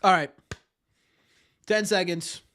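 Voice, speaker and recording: A young man hosting a live watch party, joking and bantering with his chat in a self-mocking, excitable way. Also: sits high, slow pace. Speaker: livestream host.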